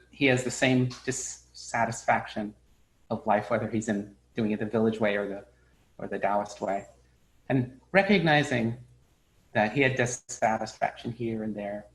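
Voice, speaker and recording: A man giving a dharma talk as a Buddhist teacher, his voice sitting at an ordinary middle pitch. He speaks in a relaxed, halting way, with plenty of fillers and restarts. He tells stories and briefly acts out the people in them. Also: rough recording.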